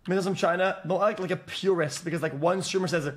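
A male streamer ranting to his chat with a voice a touch higher than most men's. He is blunt and mocking, swears constantly and keeps stumbling over and restarting his words. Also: fairly even intonation, fast, few pauses. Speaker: live streamer. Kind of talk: casual rant to chat.

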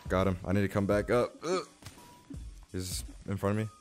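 A young streamer commentates live on his own gameplay at normal speed, excitable and swearing, veering between low mutters and yelling. Faint music plays behind him.

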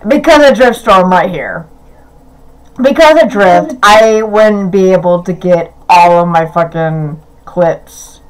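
A young woman streamer reacting to her own old clips. She talks casually, giggles a lot, breaks into loud outbursts and swears freely. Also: lowish voice, takes it slowly, clean tone. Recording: noisy with clicking sounds.

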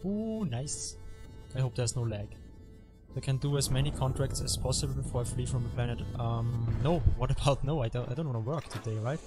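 A man's voice: medium pitch, steady tone, quick pace. Man rambling over gameplay, music behind. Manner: rambling, joking, self-mocking asides. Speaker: gameplay commentator. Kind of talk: casual gaming commentary. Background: game music and effects.

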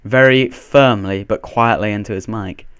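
A man's voice: lowish voice, moderate pace, fairly bright tone, clear, resonant tone, no room sound. A man giving playful, jokey live commentary over a shooter game as he plays, laughing often. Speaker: gaming commentator.

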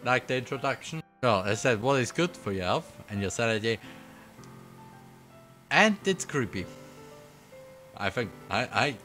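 A male streamer with a mid-range voice reads a visual novel out loud. He keeps breaking into giggly, excitable commentary. Faint game music sits behind his voice. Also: medium pitch, a little slow, long pauses.

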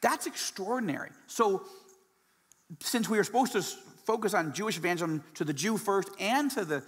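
Passionate guy talking at church, husky voice, lots of restarts, echoey hall. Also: high-pitched, fairly quick. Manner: excitable and animated, many restarts. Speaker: guest speaker. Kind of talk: passionate church talk in an interview.

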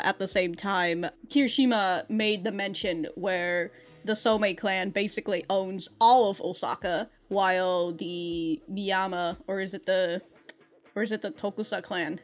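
A woman hosting an anime reaction, chatting casually, laughing often and swearing as she acts out the characters' lines. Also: mid-range voice. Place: in Japan.

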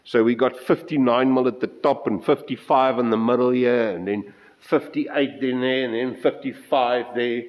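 A man's voice: mid-range voice, fairly even intonation, moderate pace, low-quality recording. A middle-aged South African man giving a casual, rambling update on his model railway layout, often breaking off mid-sentence and counting out measurements. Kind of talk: casual workshop update vlog.

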